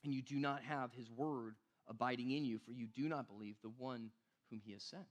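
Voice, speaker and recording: A man's voice: medium pitch, brisk, highs cut off. A man preaching a sermon in a casual, conversational way, often asking "right?" and calling the listeners "you guys". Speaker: pastor.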